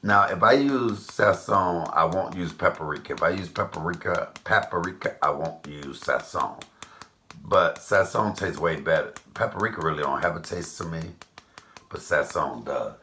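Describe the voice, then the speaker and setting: A man's voice: low voice, measured pace, pushed and bright, a little hiss or hum. A man in his fifties hosting a casual cooking vlog, chatting to viewers with rambling asides. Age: 50s. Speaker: cooking channel host.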